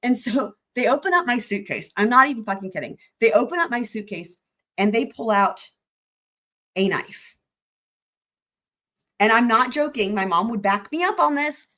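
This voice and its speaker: A woman's voice: a little high, animated, moderate pace, pauses often, sharp tone. A young adult woman hosting a livestream, telling a story in casual chat, laughing often and swearing freely. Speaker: livestream host.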